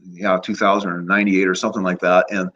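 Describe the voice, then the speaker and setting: A man in his fifties, a chiropractor guest, telling casual stories in an animated way with frequent laughs. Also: low-pitched, quick pace. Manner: animated anecdotes, laughs often, acts out voices. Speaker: guest, chiropractor and energy healer. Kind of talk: casual storytelling. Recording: slightly muffled lo-fi audio.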